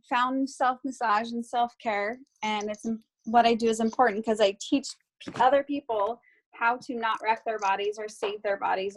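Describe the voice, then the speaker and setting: A woman, a yoga therapist, speaking on a video call in an earnest, slightly hurried way. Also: fairly high pitch, poor audio. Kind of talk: short spoken pitch on a call.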